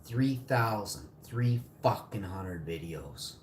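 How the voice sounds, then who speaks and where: A forty-year-old man rants on a live stream in a low voice, swearing and bitter. An echoey room rings around him, with a faint hum of ambience behind. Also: expressive, slow pace, darkish tone. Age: 40s. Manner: profane, bitter, ranting. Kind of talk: angry live-stream rant.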